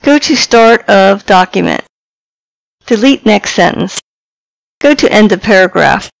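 A woman presenting a software tutorial, dictating voice commands in a clipped, deliberate way into a headset microphone. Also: mid-range voice, lively intonation, gravelly, no room sound, low-quality recording.

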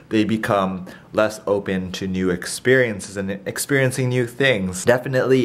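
A man vlogging, narrating calmly to camera and slipping into high baby-talk with a puppy outdoors in a backyard.

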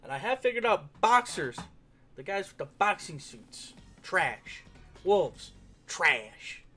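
A man's voice: high voice, very animated, normal speed, pushed and bright, soft background music. A young man giving playful, casual commentary over a game he is playing, singing along and slipping into goofy voices. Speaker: gaming streamer.

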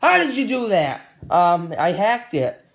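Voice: medium pitch, big pitch swings, a little slow, vocal fry. A home video creator hosting a goofy improvised comedy skit, talking in a silly way and switching between several put-on voices.

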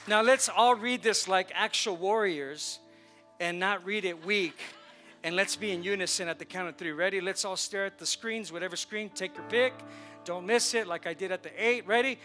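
A man with a high, bright voice preaches from the pulpit, leading the congregation in call-and-response. He drives his points home with emphatic repetition, and soft instrumental music plays under him in the church. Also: normal speed. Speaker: pastor. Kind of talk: sermon. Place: church sanctuary.

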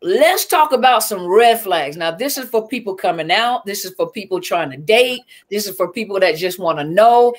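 A woman's voice: mid-range voice, animated, normal speed, hardly any pauses. A woman with a Southern US accent hosting a casual livestream, greeting viewers by name with lots of fillers. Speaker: livestream host and coach.

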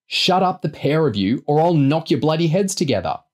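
A man's voice: medium pitch, sing-song, moderate pace, darkish tone, voice pushed up. A man reading aloud and voicing a short-tempered, bossy teenage girl. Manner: fierce, bossy.

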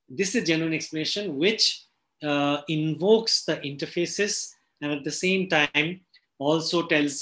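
A middle-aged man giving an academic linguistics lecture, halting speech with frequent fillers and restarts. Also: a little high, pushed and bright. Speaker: linguistics professor giving a talk.

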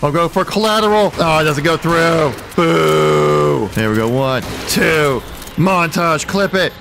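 A young man giving excited commentary while playing a shooter, often yelping and shouting with glee. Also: measured pace, creaky, noisy background. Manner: excitable, yelps and laughs high, loud bursts of glee. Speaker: gaming YouTuber. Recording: faint gunfire from the game behind.

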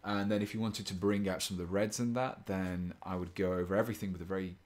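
Talking quickly in a low voice with fairly even intonation, a man hosts a live stream while painting. He rambles, jokes at his own expense, and thinks aloud in a playful, casual way.

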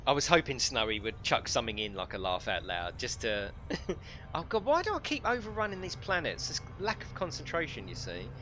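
A man's voice: medium pitch, sing-song, a little fast, pushed and bright. A middle-aged man casually commentating a live game stream, chatting and joking with his viewers. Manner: jokey, chatty, reads out chat and laughs often.

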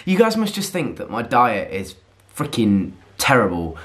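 A young man chatting excitedly in a casual fitness vlog from home. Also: mid-range voice, a little slow. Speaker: fitness vlogger. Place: at home indoors.

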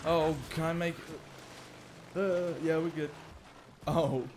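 A man's voice: on the high side, slow, slight background noise. A young man commentating a video game playthrough, joking and talking to the characters on screen. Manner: excitable, jokey, talks to the game characters. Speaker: gaming YouTuber. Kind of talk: let's play commentary.

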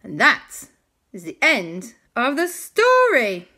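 Lively bright-voiced woman telling a bedtime story. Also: on the high side, takes it slowly. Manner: chatty, playful asides to listeners. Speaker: children's show host.

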